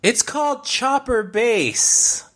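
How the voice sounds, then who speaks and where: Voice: mid-range voice, slow pace. A co-host in a casual fan discussion, asking playful questions. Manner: animated, asks playful questions. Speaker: podcast co-host.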